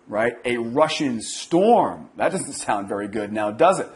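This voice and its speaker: A man's voice: mid-range voice, lively intonation, normal speed, hardly any pauses. An American man in his thirties giving casual, rambling day trading market commentary, talking with many fillers and restarts. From United States. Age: 30s. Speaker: day trading newsletter host.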